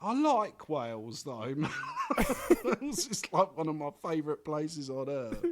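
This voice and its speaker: A man's voice: on the high side, very animated, a little slow. A man hosting a casual podcast, joking around and often breaking into laughter. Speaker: podcast host. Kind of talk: casual podcast banter, reading a script.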